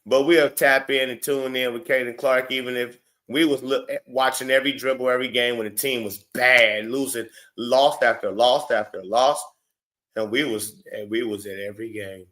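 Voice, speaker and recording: A man hosts a reaction show and argues straight back at a clip. His voice sits at an ordinary middle pitch. He is blunt, mocking and profane, cutting in with sharp questions. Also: steady tone, normal speed. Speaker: show host reacting to clips. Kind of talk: heated reaction commentary.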